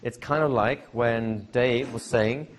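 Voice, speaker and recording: A man's voice: mid-range voice, steady tone, slow, a little hiss or hum. A middle-aged man teaching hypnosis to a live seminar audience, chatty and repetitive, often checking in with questions. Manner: conversational, repeats phrases, asks the audience questions. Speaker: hypnosis trainer.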